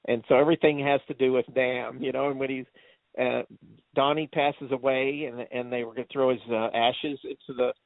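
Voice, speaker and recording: A man co-hosting a movie review chat, laughing often as he retells scenes with excitement. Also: medium pitch, a little fast, gravelly, no room sound. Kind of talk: casual chat. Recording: tinny phone-like dry sound.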